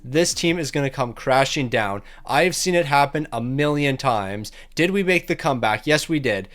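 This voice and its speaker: A young man giving casual gameplay commentary from a home setup, sarcastic and exasperated, talking quickly into a desk microphone. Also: mid-range voice, animated, a bit bright. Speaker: gaming YouTuber.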